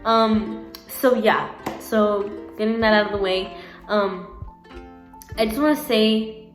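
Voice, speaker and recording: A woman's voice: medium pitch, fairly even intonation, takes it slowly, faint music behind. Giggly rambling woman vlogger, roomy sound. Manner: rambling, giggly, self-correcting, many fillers. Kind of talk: casual chat to camera.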